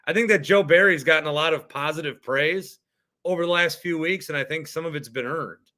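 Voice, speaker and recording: Worked-up bright-voiced male sports host. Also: fairly high pitch, a little fast. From Wisconsin. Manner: worked-up, exasperated ranting. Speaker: podcast host. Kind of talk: sports talk rant.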